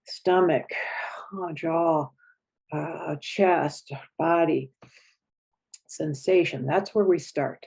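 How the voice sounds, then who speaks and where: A woman relationship coach explaining a skill to an audience in a gentle, reflective way, acting out feelings with groans. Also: sits low, fairly even intonation, drawn-out words, creaky, long pauses, husky. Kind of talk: teaching talk to an audience.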